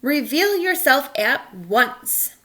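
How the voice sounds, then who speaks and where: A woman's voice: sits high, big pitch swings, slow, sharp tone, voice pushed up, heavily acted. A woman voicing a cranky, stern older woman neighbor who grumbles indignantly. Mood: commanding.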